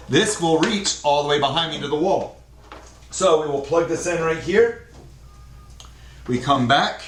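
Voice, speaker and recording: A man's voice: a little high, fairly bright tone. A man giving a casual unboxing review, explaining a product step by step at his desk. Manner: plain, explaining step by step with fillers. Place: indoor room at a desk. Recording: echoey room, faint noise.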